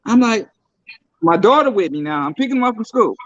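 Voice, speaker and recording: A man telling a family story in casual chat, animated and profane, acting out what people said. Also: high-pitched, brisk, no echo. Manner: animated, profane, acts out quotes. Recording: dull, muffled mic.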